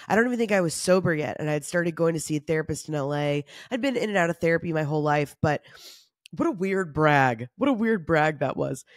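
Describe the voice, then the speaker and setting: Speaking solo on her podcast, she opens up in a confessional way, worn out, laughing casually and swearing now and then. Her voice sits low, and the dry recording has clean studio sound.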